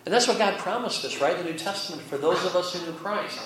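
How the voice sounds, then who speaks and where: A man's voice: sits high, animated, fast talker, fairly bright tone. A man preaching a conversational Bible lesson, folksy and chuckling, who keeps checking in with his listeners. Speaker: pastor. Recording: very echoey hall, mic far off, faint hiss.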